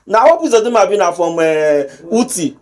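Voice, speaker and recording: A man's voice: high-pitched, very animated, a little fast. A man with a Nigerian accent hosting a pidgin talk show in a studio, chatty and teasing, with many fillers. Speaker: host.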